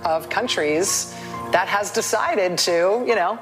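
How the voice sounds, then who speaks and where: A woman giving political commentary in a measured way, turning mocking when quoting others. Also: medium pitch, faint music behind.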